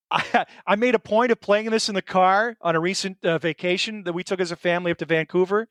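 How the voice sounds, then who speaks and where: A man's voice: high voice, a little fast, fairly bright tone, dry recording, studio quality. A middle-aged man co-hosting a podcast in casual chat, earnest and emotional, hesitating with fillers and restarts. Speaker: podcast co-host.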